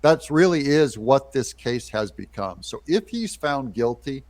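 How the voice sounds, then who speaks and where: A man's voice: a little high, animated, unhurried, few pauses, darkish tone. Emphatic male political commentator. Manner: emphatic, indignant. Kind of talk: reaction commentary.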